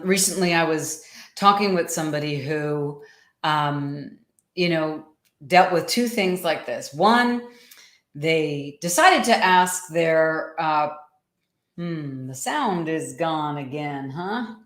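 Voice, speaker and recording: A woman's voice: low voice, slow pace, fairly bright tone. A woman hosting a casual livestream, chatting to viewers, greeting them by name and often repeating her words. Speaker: livestream host and coach. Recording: echoey room sound.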